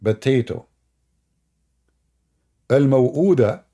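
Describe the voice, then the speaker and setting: A man's voice: mid-range voice, animated, slow pace, dark tone. A man hosting a livestream and taking callers, talking in a sarcastic, mocking way with loose non-native grammar. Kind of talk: mocking religious-debate livestream.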